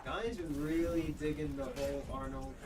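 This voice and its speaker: A high-voiced man hosts a casual, profane chat and laughs easily as he riffs. He sits some way from the mic. Music plays clearly behind him. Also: fairly even intonation, moderate pace, distant mic. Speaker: host.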